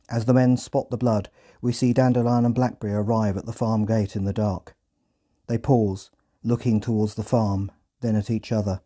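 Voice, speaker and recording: A man, hosting a podcast and narrating a film scene by scene in a measured, descriptive way. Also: on the low side, fairly even intonation, mellow.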